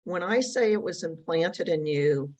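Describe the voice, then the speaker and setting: A woman speaking as a guest in a conversational interview, reflective and quick to laugh lightly. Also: fairly low pitch, expressive, a little mellow. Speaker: podcast guest. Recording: voice sounds distant from mic.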